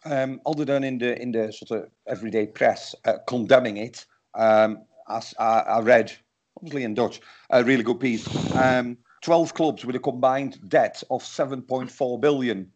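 A man's voice: medium pitch, fairly even intonation, moderate pace, a little mellow, no room sound, dull audio. A man guest on a football podcast, talking passionately and getting riled up, stumbling into restarts as he talks over a remote call. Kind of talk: casual podcast discussion.

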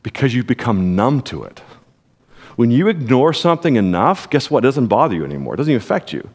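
A man's voice: mid-range voice, big pitch swings, fast, darkish tone, husky. A male pastor delivering a sermon in a conversational style, speaking directly to the congregation. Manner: conversational preaching with direct appeals and quoted voices.

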